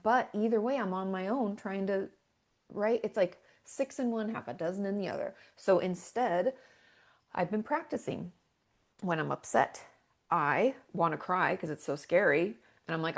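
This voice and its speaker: A woman's voice: mid-range voice, normal speed. A woman therapist talking candidly in a casual podcast chat, full of filler words. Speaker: therapist guest.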